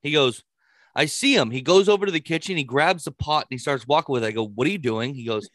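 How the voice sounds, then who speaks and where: A man's voice: medium pitch, quick pace, no room sound. A man telling stories in casual chat, swearing freely and often breaking into laughter. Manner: animated storytelling with frequent laughter and swearing.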